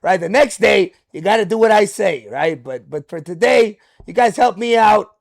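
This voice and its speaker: A man voicing a grateful male sheepdog speaking in a relaxed, friendly way to his flock. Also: high voice, moderate pace, creaky.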